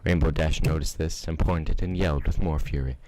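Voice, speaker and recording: A man's voice: very deep voice, a little fast, background noise. A man narrating a fan-fiction story aloud, reading steadily with the odd slip. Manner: steady read-aloud with small slips. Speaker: reader.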